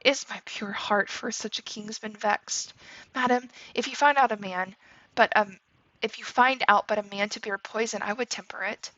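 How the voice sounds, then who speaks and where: A woman teacher reading the part of Juliet, a grieving and defiant young noblewoman, aloud in verse and sometimes dropping to a breathy hush. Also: medium pitch, fairly even intonation, normal speed, no echo, highs cut off. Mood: guarded.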